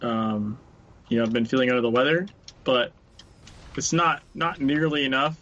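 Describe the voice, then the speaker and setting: A man chatting casually as a podcast co-host, blunt and quick to swear and laugh, a bit sick with a swollen throat. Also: mid-range voice, fairly even intonation, fairly bright tone. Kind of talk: casual chat. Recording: dull lo-fi recording.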